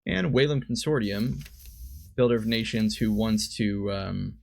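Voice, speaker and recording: Low gravelly man casually commenting on a game. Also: a little slow. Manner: thinks aloud, often corrects himself. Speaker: streamer and commentator.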